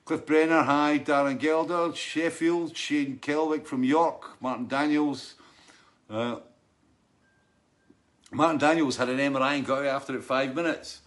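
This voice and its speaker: At a measured pace, a man with a slightly high, fairly even, somewhat bright voice reads out viewer names on his live online show. His casual chat is full of restarts and frequent laughter.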